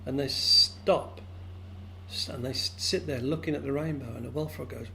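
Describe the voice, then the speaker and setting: Gravelly man telling a story with gusto. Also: normal speed, slight background noise. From England. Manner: lively, acts out frog voices with big pitch jumps. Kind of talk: oral storytelling over video call. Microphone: video call.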